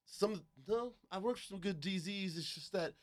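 A man, a skydiving instructor and show host, talking in casual, profane banter with loud bursts of laughter. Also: sits high, moderate pace, slight background noise.

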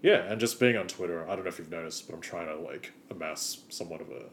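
A man's voice: low voice, fast talker, a little hiss or hum. A man co-hosting a podcast in a rambling, giggly, casual comedic chat. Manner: giggly, rambling, deadpan teasing. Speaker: podcast co-host.

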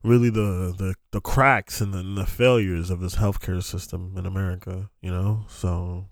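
A man's voice: sits low, fairly even intonation, moderate pace, gravelly. A young man hosting a podcast, telling a story in a casual, profane, ranting way with frequent laughs. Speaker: podcast host.

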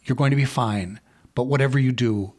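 A man playing a calm police officer. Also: medium pitch, a little fast, close to an everyday voice. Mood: calm reassurance. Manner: steady, reassuring.

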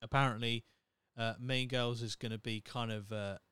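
A man's voice: medium pitch, steady tone, normal speed, bright, forceful tone, smooth, dry recording. A young man hosting a solo podcast, talking in a blunt, sweary, opinionated way. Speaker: podcast host. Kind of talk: casual solo podcast rant.

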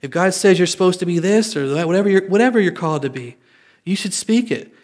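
A man's voice: high voice, lively intonation, quick pace, a little mellow. A man preaching a sermon in a casual, confessional way, joking with his listeners. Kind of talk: conversational sermon.

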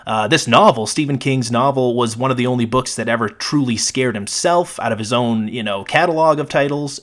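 A male podcast co-host who grew up in Maine, talking in loose, casual chat. He laughs easily and swears freely. His voice sits at an ordinary, middle pitch. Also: fairly bright tone.

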